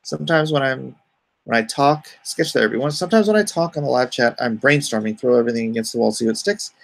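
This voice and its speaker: A man's voice: medium pitch, fast, creaky. A middle-aged man hosting a casual live stream as an artist, rambling and reading viewer comments aloud before answering them.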